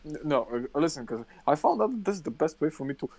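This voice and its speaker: A man's voice: a little high, sing-song, quick pace, vocal fry, a little mellow, no room sound. A young man co-hosting a podcast in casual chat, telling stories emphatically and swearing constantly. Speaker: podcast co-host.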